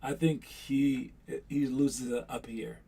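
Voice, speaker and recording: A man's voice: mid-range voice, fairly even intonation, takes it slowly, creaky, warm tone, slightly rough. A young man coaching youth basketball players, talking loosely and chattily and repeating his key phrases. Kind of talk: casual talk to players.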